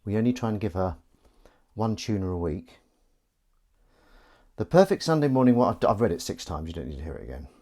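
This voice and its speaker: A man's voice: low voice, lively intonation, quick pace, darkish tone. A man hosting a casual livestream while he washes up, rambling and joking at his own expense. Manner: rambling, jokey and self-mocking, with false starts and wordplay. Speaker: livestream host.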